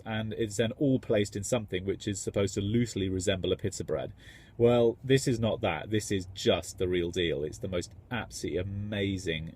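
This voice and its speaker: A man's voice: lowish voice, a little mellow, slightly rough. A man, a tradesman, rambling enthusiastically in a casual vlog. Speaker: tradesman contractor.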